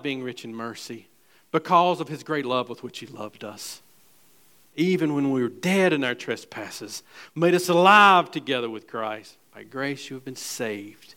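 Man preaching, loud and hushed by turns. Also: fairly high pitch, expressive, unhurried. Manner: reads scripture aloud. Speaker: pastor. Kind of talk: sermon.

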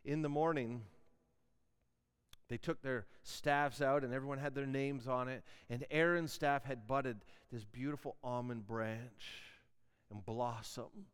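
A man preaching a sermon in an animated way, acting out questions and objections. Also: mid-range voice, a little slow, smooth.

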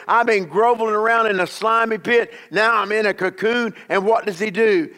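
A man's voice: high voice, fairly even intonation, normal speed, few pauses, pushed and bright. A male pastor preaching a sermon to a church congregation, emphatic and repeating key phrases.

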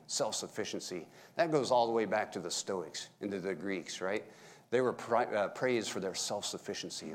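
A man's voice: on the low side, moderate pace. A middle-aged man giving a casual, joking sermon to his congregation. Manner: folksy, joking with the congregation, animated. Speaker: pastor. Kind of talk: conversational sermon.

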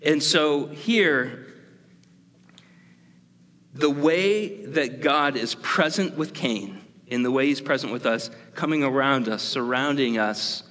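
A male pastor preaching a conversational, lively sermon, often breaking off mid-sentence. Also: a little high. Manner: conversational, self-interrupting, lively. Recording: long hall reverb.

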